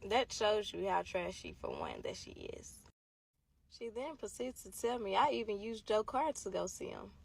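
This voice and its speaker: A young woman vlogger casually telling a dramatic personal story to her viewers, emphatic and lively. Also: medium pitch, moderate pace, vocal fry, few pauses, husky. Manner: animated, emphatic, addresses viewers as y'all.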